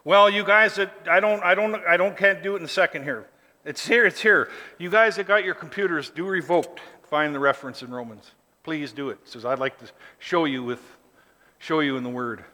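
A man preaching a sermon, emphatic, building to shouted lists and then dropping low again. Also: a little fast. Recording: long hall reverb.

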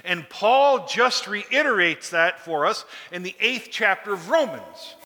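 A man delivers a sermon in a high, strikingly bright and cutting voice. He drives his points home with emphatic, repeated exhortations. His words ring out with a long reverb in a large church hall. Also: animated, measured pace. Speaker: preacher.

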